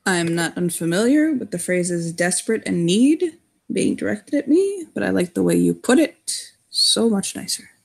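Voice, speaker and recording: A woman's voice: mid-range voice, animated, measured pace, creaky, darkish tone, slightly rough, full character voice. A woman playing a wry, guarded man who speaks Russian, with a sardonic, teasing way of talking.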